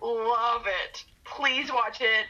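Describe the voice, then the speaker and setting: A woman's voice: a little high, steady tone, extremely slow, bright, forceful tone, lo-fi sound, a little hiss or hum. A woman co-hosting a podcast, chatting playfully and laughing easily. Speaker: podcast co-host. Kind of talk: casual chat.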